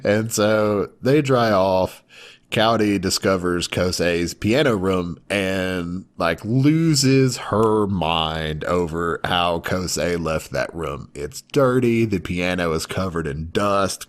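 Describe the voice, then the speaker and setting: A man's voice: low voice, slow. A man co-hosting a podcast, casually recapping an anime episode, acting out characters' lines in a raised voice and laughing often. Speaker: podcast co-host.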